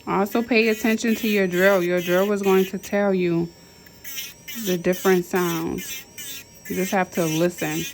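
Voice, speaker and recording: A woman's voice: lowish voice, fairly even intonation, a little slow, vocal fry, slight background noise. A woman, a nail technician demonstrating drill work in a casual, repetitive step-by-step way. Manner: chatty, repetitive step-by-step instructions with Southern US slang. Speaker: nail technician teaching a class. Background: nail drill whirring.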